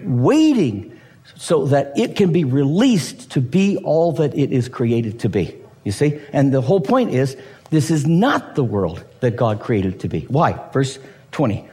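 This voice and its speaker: Animated preaching man, lively pitch. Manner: animated preaching with repeated rhetorical checks. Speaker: pastor. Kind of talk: sermon.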